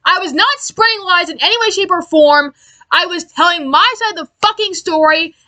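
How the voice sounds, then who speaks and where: A woman giving an angry, profane commentary rant, exasperated and halting with many restarts. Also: very high voice, pushed and bright. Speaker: aviation commentary YouTuber.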